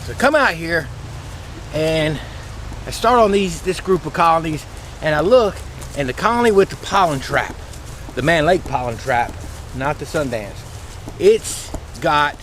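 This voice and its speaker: Chatty beekeeper man, higher voice. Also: a bit bright, a little hiss or hum. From Louisiana, USA. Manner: chatty, folksy, rambling with restarts. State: voice a bit squeaky from dry air. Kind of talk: casual vlog storytelling. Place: outdoor bee yard.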